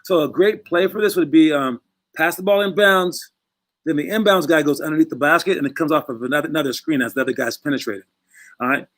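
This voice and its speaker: Young male basketball coach, slightly high voice, loose and chatty, drifts into stories. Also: fast. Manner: chatty, rambling, acts out voices in quotes. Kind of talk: casual coaching talk to players.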